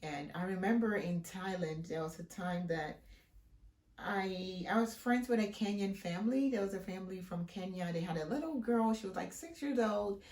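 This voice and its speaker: Woman, from Africa, vlogger, emphatic storyteller, mid pitch, roomy echo. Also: normal speed. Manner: emphatic, expressive storyteller who acts out quoted voices. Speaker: hair-care vlogger. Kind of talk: casual vlog storytelling and how-to talk.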